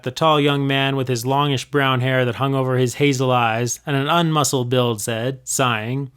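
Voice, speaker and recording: A man's voice: medium pitch, fairly even intonation, moderate pace, hardly any pauses, a bit bright, smooth. A man reading his own old fanfiction aloud, expressively, acting out the voices.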